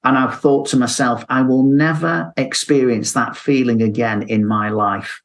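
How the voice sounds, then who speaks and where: A man, a guest on a mentoring podcast, giving measured advice on job interviews and reflecting on his own past. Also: mid-range voice, steady tone, gravelly. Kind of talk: advice talk.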